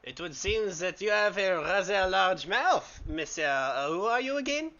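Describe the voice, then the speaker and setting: A man's voice: high voice, expressive, unhurried, pushed and bright, exaggerated voice. A man playing a haughty male pirate who talks in a formal, condescending way, on slightly muffled stream audio.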